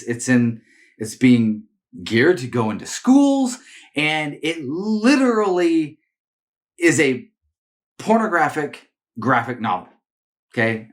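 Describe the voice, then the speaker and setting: A man speaking with a lively, swinging pitch as he runs his commentary show. He stumbles and doubles back on his words, restarting sentences, in a loose, off-the-cuff way. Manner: animated, repeats words and restarts often. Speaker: political commentary host. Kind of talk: casual opinion commentary to camera.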